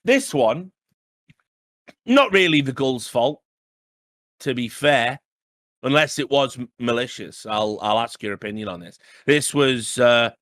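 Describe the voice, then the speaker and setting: A man's voice: on the high side, fairly bright tone, no echo, studio quality. A man co-hosting a casual podcast, reading news stories aloud and breaking in with chatty asides. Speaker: podcast co-host.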